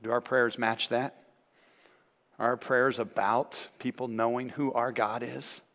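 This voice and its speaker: A man's voice: mid-range voice, little pitch movement, measured pace, fairly bright tone. A man preaching a sermon as pastor, earnest and acting out voices from the stories he tells. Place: church sanctuary. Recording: long church reverb.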